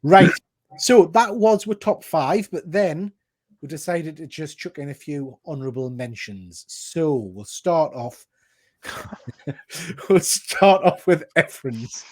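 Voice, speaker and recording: A man's voice: fairly high pitch, animated, slow. A man hosting a casual podcast chat, enthusiastic and fond of big praise words. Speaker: podcast host.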